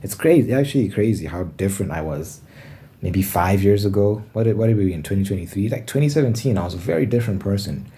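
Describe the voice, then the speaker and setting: A man's voice: fairly low pitch, lively intonation, fast, warm tone. A young man rambling casually in a monologue to his viewers, often restarting his thoughts. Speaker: vlogger.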